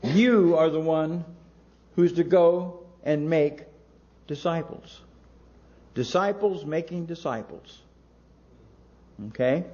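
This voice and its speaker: Male pastor, sermon delivery, slow and emphatic, mellow tone, lo-fi sound. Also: fairly high pitch. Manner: slow, emphatic preaching with long pauses between words.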